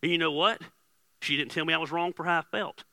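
A man preaching a casual, joking sermon as pastor, swinging from hushed asides to loud bursts. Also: a little high, fast, gravelly, no echo.

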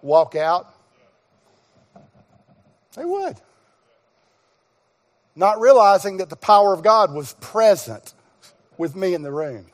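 A middle-aged man preaches in a fairly high voice, acting out conversations as he tells a story. He now and then breaks into shouts. His voice rings with the long reverb of a large church hall. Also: takes it slowly, long pauses. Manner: animated storyteller, acts out dialogue, bursts into shouts. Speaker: guest pastor. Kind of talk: sermon storytelling. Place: church sanctuary.

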